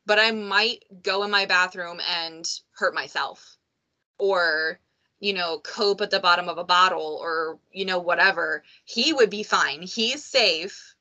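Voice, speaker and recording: Bright-voiced woman hosting a podcast. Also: lowish voice, measured pace. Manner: candid and conversational, many fillers like "like". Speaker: podcast host. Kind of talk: casual podcast conversation.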